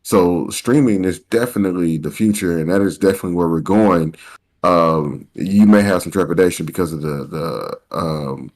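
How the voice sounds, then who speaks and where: Male podcast co-host, deep voice, halting delivery with repeated words. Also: a little mellow. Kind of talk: casual podcast chat.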